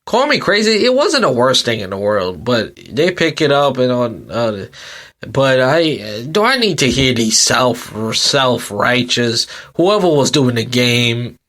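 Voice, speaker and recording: A man's voice: mid-range voice, sing-song, a little slow, a bit bright. Sleepy guy ranting about sports on his podcast, kinda rambly, says stuff twice, yawns a lot. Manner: rambling, repeats himself, frequent um and you know. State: sleepy, yawning. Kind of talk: casual sports commentary rant.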